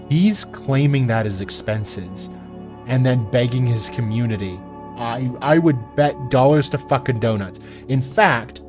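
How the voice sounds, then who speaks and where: A man chatting casually on a live stream while he builds and paints miniatures, telling stories in a profane, animated way. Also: mid-range voice.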